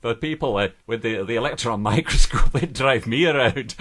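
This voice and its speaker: A man plays a swaggering, foul-mouthed Scottish artist for a spoof interview. He rambles through his answers with a broad accent, his pitch bouncing up and down. He keeps laughing at his own coarse jokes. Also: animated, normal speed, fairly bright tone. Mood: boisterous. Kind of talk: improvised comic interview.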